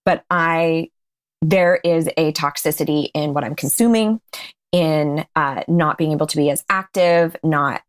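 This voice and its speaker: Woman guest on an interview show. Low voice, candid, laughs easily. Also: steady tone, measured pace. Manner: candid, laughs often, restarts mid-sentence. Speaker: podcast guest. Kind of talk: casual interview chat.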